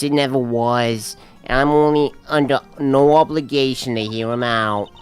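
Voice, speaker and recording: A man's voice: mid-range voice, clean tone, close to an everyday voice. A man voicing a grave, pompous older male judge with a formal, declamatory manner, in an improvised comedic game dub. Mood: threatening.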